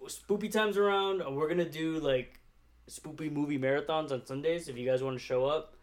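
Man, casual podcast chat, rambling storyteller, laughs a lot, a bit high-pitched. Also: steady tone, fairly quick, darkish tone. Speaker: podcast co-host. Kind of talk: casual chat among friends.

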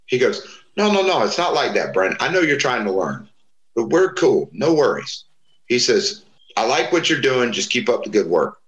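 A middle-aged male guest with a medium-pitched voice at normal speed tells stories in casual conversation, recorded with a roomy echo. He's animated and acts out the voices of people he quotes.

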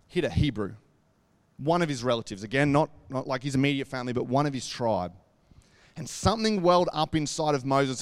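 Guy preaching casually, slightly high voice, bone dry close sound, lots of like and asides. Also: no echo. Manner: earnest and conversational, with lots of "like" and asides. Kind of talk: devotional talk retelling a scripture story.

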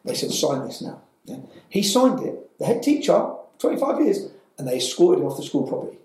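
A man's voice: sits high, very animated, fairly quick, darkish tone, heavy reverb, rough recording. A man telling his story as an interview guest, fervent and pressing, tagging his points with "yeah?". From England. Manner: fervent, tags lines with "yeah?". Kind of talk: heated storytelling.

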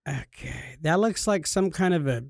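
A man co-hosting a casual podcast, teasing and joking with animated energy. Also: on the high side, normal speed, no room sound, clean studio sound. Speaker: podcast co-host. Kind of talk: casual chat.

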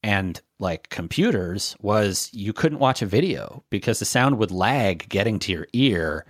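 A man's voice: on the low side, expressive, a little slow, no echo, studio quality. A man co-hosting a podcast, explaining technology in loose, casual talk full of fillers. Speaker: podcast co-host. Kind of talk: casual tech chat.

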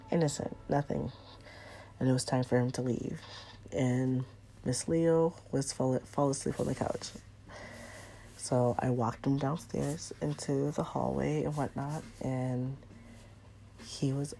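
A woman's voice: rumbling low, gravelly, warm tone. A woman chatting casually and confidingly to her viewers, telling a personal storytime confession. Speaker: storyteller vlogger.

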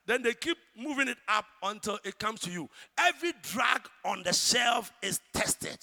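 A man with a Ghanaian accent preaching a sermon, shouting one moment and hushed the next. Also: very high voice, animated, normal speed, creaky. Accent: Ghanaian English. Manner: dramatic, swings from shouting to hushed. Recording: church hall reverb.

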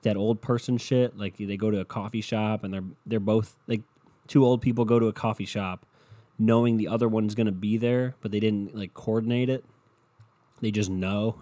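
Brief: young male podcast host, profane rambler, lowish pitch, soft dark tone. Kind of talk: casual solo monologue. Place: at home in bed with his dog. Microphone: home podcast mic.

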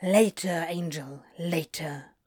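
A woman's voice: mid-range voice, takes it slowly, lightly acted. A woman voicing a harried, snappish man in a story reading, terse and clipped. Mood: hushed. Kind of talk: audiobook character voice.

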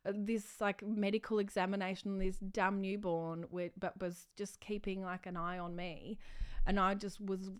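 A woman's voice: medium pitch, little pitch movement, normal speed, smooth. A woman comedian chatting casually in an interview, telling self-mocking stories and laughing often. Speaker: comedian guest.

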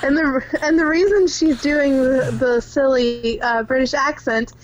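A woman's voice: high-pitched, fairly even intonation, unhurried, poor audio. A young woman co-hosting a casual film podcast, chatty and giggly, reading out facts about films. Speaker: podcast co-host. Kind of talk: casual chat.

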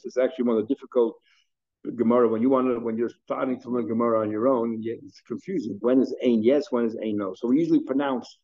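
A man's voice: medium pitch, mellow, highs cut off. A man teaching a daily Talmud class in a conversational way, thinking aloud with frequent restarts and mixing Hebrew and Aramaic terms into his English.

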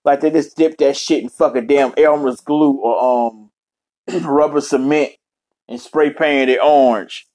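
A man's voice: mid-range voice, fairly even intonation, a little slow, darkish tone. A man ranting casually as a vlogger, swearing heavily and rambling off on tangents. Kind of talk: casual rant.

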